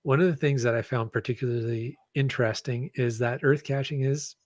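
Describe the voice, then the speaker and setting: A man chats casually on a podcast, rambling through his points with frequent ums and self-corrections. His voice sits at an ordinary pitch, and the recording is dry and close, with no room sound. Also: steady tone, brisk, darkish tone, no room sound. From Canada. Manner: rambling, hesitant, with many ums and restarts.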